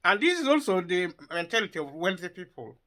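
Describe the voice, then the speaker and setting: A man giving an opinion monologue for his video channel, halting as he talks, with many repeated words and fillers. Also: high voice, very animated, bright, forceful tone, rough recording. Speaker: video commentator.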